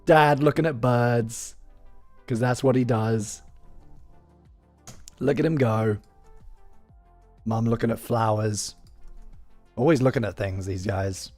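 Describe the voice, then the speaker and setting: A man's voice: medium pitch, fairly even intonation, slow pace, pauses often, a little mellow, faint music behind. A man in his thirties hosting a live stream, chatting casually with joking, self-deprecating asides. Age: 30s.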